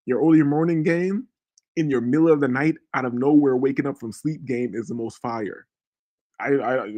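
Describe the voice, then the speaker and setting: A man with a mid-range, somewhat mellow voice hosts a podcast and spins a crude, swear-filled story that drifts from point to point. "You feel me" comes up constantly as he checks in with the listener.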